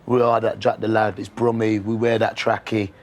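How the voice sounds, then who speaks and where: Male rapper interviewee, Birmingham accent, low voice, proud and easygoing. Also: level tone, normal speed. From Birmingham, England. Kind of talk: interview answers.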